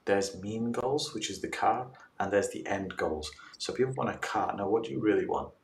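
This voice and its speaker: A man's voice: fairly low pitch, normal speed, vocal fry. A man guest coach in a casual interview, telling stories animatedly and acting out his clients' replies. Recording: roomy, distant mic with faint ambience.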